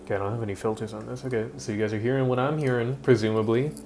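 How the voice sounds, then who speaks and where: A man live-streaming casually from home, mumbling while adjusting his audio settings, his throat rough enough that he keeps clearing it. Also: medium pitch, a little mellow. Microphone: built-in webcam or laptop mic.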